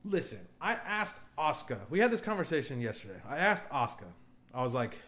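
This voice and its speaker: A man's voice: mid-range voice, very animated, moderate pace, fairly bright tone. A young man co-hosting a podcast, talking in a loose, profane, rambling way. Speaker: podcast co-host. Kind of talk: casual podcast chat. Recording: echoey room, faint ambience.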